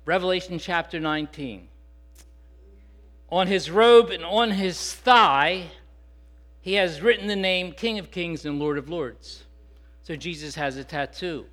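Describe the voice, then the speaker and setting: Earnest preaching man, slightly high voice. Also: a bit bright. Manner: earnest preaching with many fillers and restarts, rising to emphatic build-ups. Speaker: pastor. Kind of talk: sermon.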